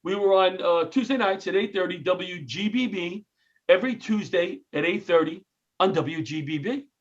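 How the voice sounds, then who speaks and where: A man's voice: high-pitched, normal speed, dull audio. A middle-aged man from New York, a comedian and retired firefighter, telling stories in an interview and acting out the lines of the people in them. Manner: animated, jokey storyteller who acts out quotes. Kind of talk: storytelling interview.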